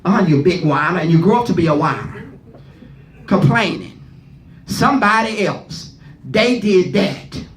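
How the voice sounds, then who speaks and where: A man's voice: sits high, animated, unhurried, long pauses, reverberant. A man preaching at a Bible study, leading readers and firing questions at the room. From not from Philadelphia. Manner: fervent, asks the room questions, repeats words.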